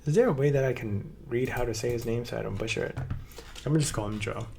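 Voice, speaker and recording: Young dude streaming a reaction, bit of vocal fry, thinks out loud and jokes around. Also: male voice, mid-range voice, fast talker. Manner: rambling, self-correcting, playful asides. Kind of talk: casual live reaction commentary.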